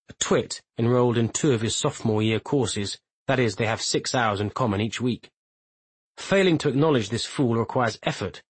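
A man narrates a literary novel in a measured, even reading. His voice is husky and sits at a middle pitch. The sound is close and dry. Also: dry recording, poor audio. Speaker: audiobook narrator. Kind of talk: scripted narration.

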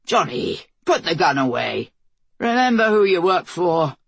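A woman voicing a brutal, abusive husband who alternates between coaxing and taunting, speaking low. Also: big pitch swings, unhurried, vocal fry, husky, no room sound, full character voice. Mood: pleading. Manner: coaxing, entitled, low-voiced.

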